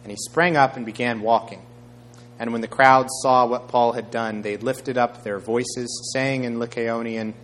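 Man preaching and reading scripture. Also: mid-range voice. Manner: measured reading, rising loud on quoted speech. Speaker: pastor.

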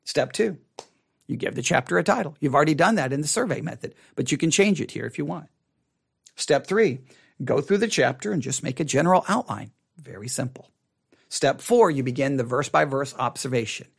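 Animated man teaching Bible study. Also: on the high side, brisk, vocal fry, breathy edge. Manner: animated, repeats and restarts phrases, acts out reactions. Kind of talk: casual teaching talk.

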